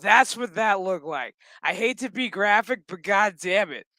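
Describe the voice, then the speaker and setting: A man rambles through a casual, swear-filled TV episode recap, cracking jokes as he goes. His voice is bright and crisp. The recording is dry and close. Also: high-pitched, lively intonation, unhurried, dry recording, poor audio. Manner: profane, rambling and joking. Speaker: gaming channel host.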